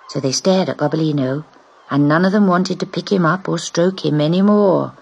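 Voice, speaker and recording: A woman reading a children's story aloud in an expressive, dramatic storytelling manner. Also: low-pitched, moderate pace, creaky, a little hiss or hum, rough recording.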